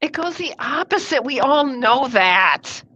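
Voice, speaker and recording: A woman chatting on a live stream, dry and dismissive, laughing between her lines. She speaks slowly with a pitch that moves around a lot, and her voice comes through a dull, dry remote audio line. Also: sing-song, sharp tone, breathy edge, no echo. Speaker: stream guest. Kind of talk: casual chat.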